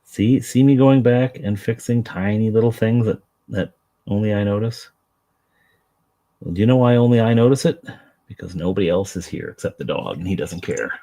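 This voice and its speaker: A man's voice: lowish voice, moderate pace, mellow. A man chatting casually on a live stream while he paints miniatures, rambling, self-deprecating and talking to his dog.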